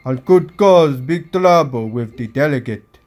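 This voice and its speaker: A man hosting a podcast, reading a first-person audiobook aloud in a steady storytelling delivery. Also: mid-range voice, measured pace.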